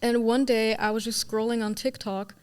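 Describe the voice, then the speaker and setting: A young woman chatting as an interview guest about her stage roles, bubbly and quick to laugh as she tells her stories. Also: on the high side, level tone, a little mellow, clear, resonant tone. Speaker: guest, student actor. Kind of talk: casual interview chat.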